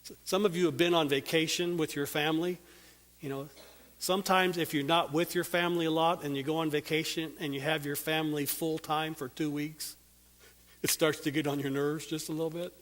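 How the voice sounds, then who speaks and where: A man preaching a sermon, earnest and drawing out key words, ending in a quiet prayer. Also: on the high side, flat delivery. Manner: earnest, slows and drops soft on key words. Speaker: Bible teacher. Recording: long hall reverb.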